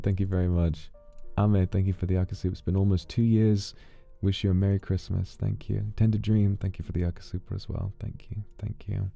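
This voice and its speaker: A man streaming from home who reads out thanks to his fans in a soft, intimate way and is close to tears. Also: deep voice, little pitch movement, brisk, vocal fry. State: emotional, holding back tears. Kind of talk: casual livestream talk, reading out fan thanks. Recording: dull lo-fi audio with faint music.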